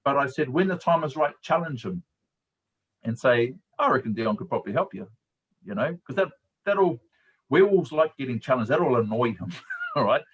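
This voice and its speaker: A man's voice: mid-range voice, very animated, moderate pace, husky, low-quality recording. Middle-aged New Zealand man, casual coach, colloquial storyteller, mid-range voice. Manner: storytelling, laughs often, colloquial. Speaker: guest speaker and coach. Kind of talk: casual live-stream talk.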